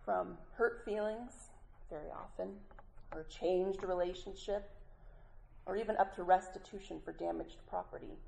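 A woman teaching a women's Bible study, chatty and warm with the group, laughing between points and often correcting herself mid-sentence. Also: on the low side, normal speed, vocal fry, slight background noise, rough recording.

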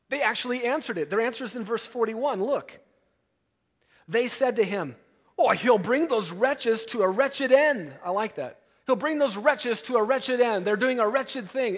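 Man, pastor, sermon, high voice, emphatic preaching, long hall reverb. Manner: animated, emphatic preaching with rising intensity.

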